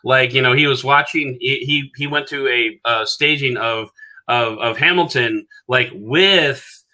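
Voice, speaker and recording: A man's voice: mid-range voice, unhurried, sharp tone. A man hosting a podcast interview, chatting casually, rambling with lots of fillers and restarts and laughing at his own stories. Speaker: podcast host.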